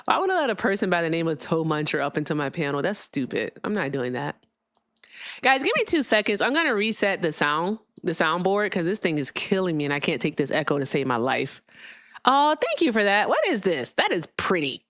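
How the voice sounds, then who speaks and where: A woman's voice: lowish voice, very animated, brisk, fairly bright tone, dry recording, studio quality. Chatty woman hosting a livestream. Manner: chatty, talks to viewers, fiddles with sound settings. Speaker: livestream host. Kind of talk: casual livestream chat.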